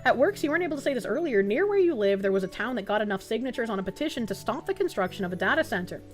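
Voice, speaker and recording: A woman streamer chatting casually with her viewers, swearing freely and thinking out loud as she reads their messages. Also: on the high side, sing-song, very fast, soft background music. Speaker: live streamer reading chat.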